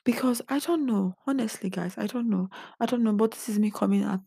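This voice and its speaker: A woman's voice: medium pitch, fairly quick, gravelly, mellow, husky, no room sound, clean studio sound. A young woman, talking candidly to her viewers in a personal vlog and sounding emotionally drained. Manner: earnest and confiding, talks straight to viewers. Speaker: vlogger.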